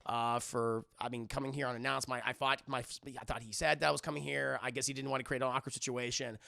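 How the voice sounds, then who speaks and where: Brief: meek, apologetic middle-aged dad, played by a man, lowered voice with gravel. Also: little pitch movement, fast, sharp tone, dry recording, studio quality. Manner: hesitant, apologetic. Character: apologetic middle-aged father, soft-spoken.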